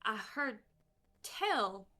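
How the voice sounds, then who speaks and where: A woman's voice: a little high, very animated, very slow, sharp tone, full character voice. A woman voicing Clementine, a fussing, motherly waitress who speaks in flustered apologies and calls people sugar. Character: Clementine, a warm fussing Southern-style waitress.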